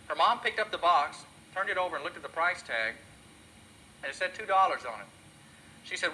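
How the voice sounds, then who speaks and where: Male preacher, sermon storytelling, earnest, soft at tender points, bright tone. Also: fairly high pitch, lively intonation, a little fast, a little hiss or hum, low-quality recording. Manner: earnest, drops softly when moved.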